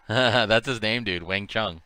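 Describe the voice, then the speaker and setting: Joking man with a bright voice. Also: on the low side, slow, dry recording. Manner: joking storyteller, laughs often. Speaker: card break co-host. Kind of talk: casual livestream chat.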